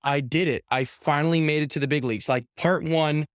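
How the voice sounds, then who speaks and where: Young male athlete guest, chatty and animated, smooth clear voice, dry close sound. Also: on the high side, fairly quick, dry recording. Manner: animated storyteller, heavy use of "like", acts out quotes. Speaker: professional baseball pitcher, guest. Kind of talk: casual storytelling interview.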